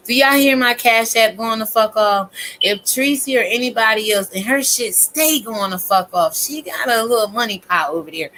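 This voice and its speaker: A woman's voice: a little high, moderate pace, sharp tone, slight background noise, rough recording. A woman in her fifties ranting casually to her viewers, blunt and emphatic, cursing heavily. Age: 50s. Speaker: vlogger. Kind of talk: profane casual rant.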